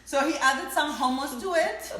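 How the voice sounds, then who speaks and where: A chatty woman hosts a casual cooking stream from her home kitchen, teasing and laughing between remarks. Her voice sits a little high. The room is echoey, with a faint hum of noise behind her. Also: moderate pace, fairly bright tone. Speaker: cooking show host. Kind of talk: casual live cooking chat.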